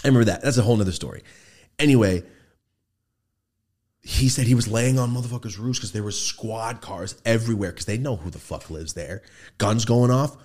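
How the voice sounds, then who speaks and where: Brisk and lowish in voice, the podcaster shares a profane story from the street in a relaxed, animated style. In the studio he plays out the quotes and imitates the gun sounds.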